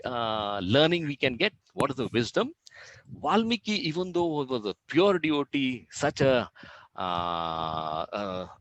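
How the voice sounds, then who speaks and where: Male scripture teacher, explanatory, question-and-answer manner, Sanskrit terms, animated pitch, dry close sound. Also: no room sound, low-quality recording. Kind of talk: devotional lesson with storytelling.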